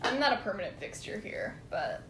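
A woman's voice: sing-song, a little fast, fairly bright tone. A young woman chatting casually as a guest on a podcast, laid-back and wry. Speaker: guest co-host. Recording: echoey room with faint rumble.

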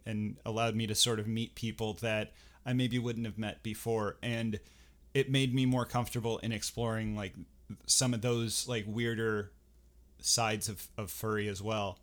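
A man in casual podcast conversation, talking with many restarts and a dry, self-deprecating humor. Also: lowish voice. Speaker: furry performer guest.

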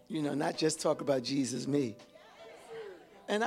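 A male pastor delivers an animated sermon in call-and-response style. His voice sits high for a man, and he swings from near-whispered asides to shouted exclamations. Soft music plays faintly behind him. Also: moderate pace, long pauses, a faint crowd. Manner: animated, call-and-response preaching with sudden shifts from hushed to shouted.

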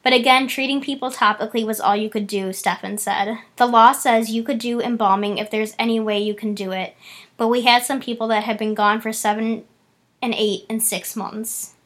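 Woman, podcast co-host, casual news chat, higher pitch, animated. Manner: chatty, fast bursts, laughs often.

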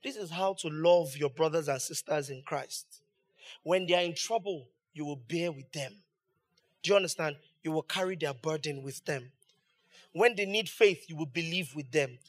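A man's voice: on the high side, normal speed. A man preaching a sermon as pastor, building emphasis with rhetorical questions.

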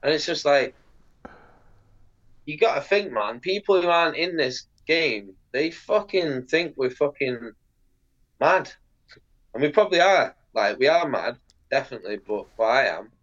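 A man's voice: fairly high pitch, a little slow, pauses often, highs cut off. A man, a pro skateboarder chatting as a podcast guest, swearing freely and acting out the people in his stories. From England. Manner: sweary, animated, acts out voices in anecdotes. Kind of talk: casual interview storytelling.

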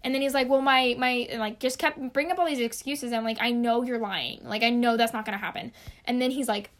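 A woman's voice: a little high, fast. A young woman telling a work story in casual chat, rambling and saying "like" constantly. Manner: rambling, heavy use of "like".

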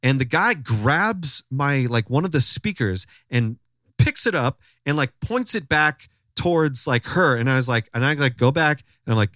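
A man hosting a podcast, telling a story in loose, animated, profane casual chat. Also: mid-range voice, moderate pace, dry recording, clean studio sound. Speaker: podcast host.

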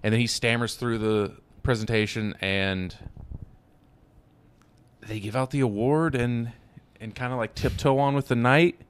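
A man co-hosting a casual talk show, chatty and quick to chime in. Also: medium pitch, steady tone, clean tone. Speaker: podcast co-host. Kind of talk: casual chat.

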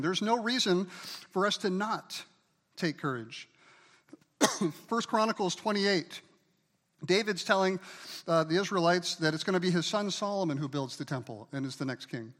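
High-voiced pastor preaching in a reverberant hall. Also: male voice, expressive, normal speed, long pauses, fairly bright tone. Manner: emphatic preacher, calls for congregation to repeat words. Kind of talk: sermon.

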